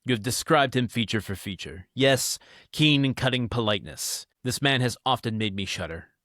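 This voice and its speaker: A man's voice: mid-range voice, lively intonation, moderate pace, a bit bright, no room sound, studio quality. A man voicing an eager young French nobleman who insists earnestly and defends himself when teased.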